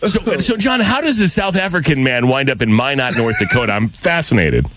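A man's voice: mid-range voice, big pitch swings, fairly quick, noisy background. A man hosting a call-in radio show, playfully teasing callers and laughing often. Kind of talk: lively call-in radio banter.

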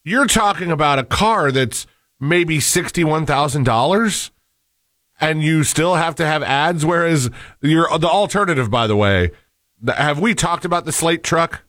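A man co-hosting a casual tech chat, talking in quick restarts. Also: on the high side, animated, a bit bright, dry recording, studio quality. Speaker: show co-host.

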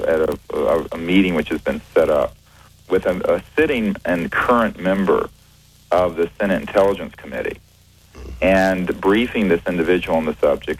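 A man being interviewed on radio as a researcher, speaking in a measured, hesitant way with many fillers and restarts. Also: low voice, husky, dry recording, rough recording. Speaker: guest, researcher.

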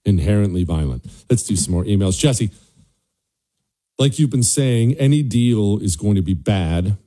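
A man's voice: lowish voice, animated, normal speed, dark tone. A male talk show host giving an emphatic, scornful political monologue, repeating his points for stress.

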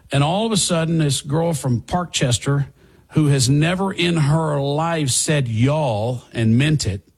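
Radio host, male, husky, punchy and mocking delivery. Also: a little high. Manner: sarcastic, emphatic, repeats phrases. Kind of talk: political talk radio commentary.

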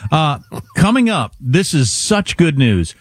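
Man, wry radio co-host, higher voice, lively pitch, husky, dry close mic. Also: slow pace, dry recording. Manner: wry, sardonic storytelling. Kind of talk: casual talk radio banter.

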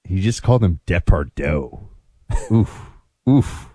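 A man's voice: low voice, animated, takes it slowly, mellow, husky, dry recording, studio quality. A man co-hosting a talk radio show, teasing and joking in casual banter.

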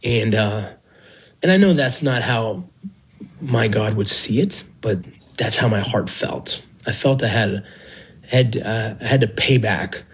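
A man's voice: lowish voice, a little slow, fairly bright tone, slightly rough, rough recording. A man, a former Border Patrol agent and medic, earnestly telling his own story with feeling. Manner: earnest, emotional, with restarts. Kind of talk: personal storytelling.

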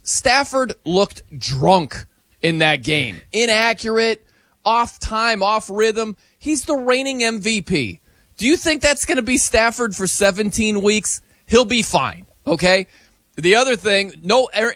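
A man hosting a casual sports talk show, animated and emphatic, laughing often. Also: sits high, no echo, studio quality.

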